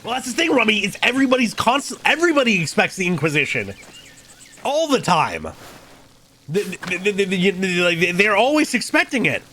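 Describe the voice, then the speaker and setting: A man's voice: high-pitched, very animated, moderate pace, bright, forceful tone, a little hiss or hum. Goofy stammering male streamer. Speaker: game streamer. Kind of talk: casual let's-play chat.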